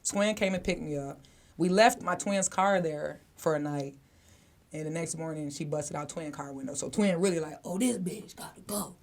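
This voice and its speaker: Speaking at an ordinary pace in a low voice, this podcast co-host shares something from her own life. She's candid and casual, cursing liberally and chatting straight to the audience.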